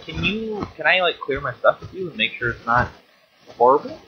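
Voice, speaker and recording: A man's voice: fairly high pitch, very animated, a little fast. A teenage boy co-hosting a casual podcast, rambling and hesitant with lots of fillers. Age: teens. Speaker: podcast co-host. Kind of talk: casual chat. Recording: dull lo-fi recording with faint hiss.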